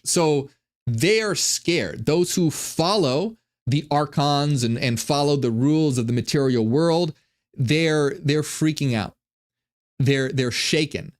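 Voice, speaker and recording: Profane rambling man with a higher voice. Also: slow. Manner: rambling, profane, many restarts. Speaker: channel host. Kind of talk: monologue commentary on ancient texts.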